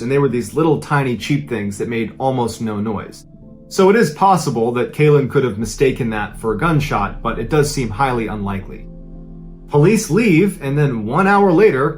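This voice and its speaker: Male podcast host, relaxed conversational true-crime narration, mid-range voice, soft music bed. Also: mid-range voice. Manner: conversational, casual retelling.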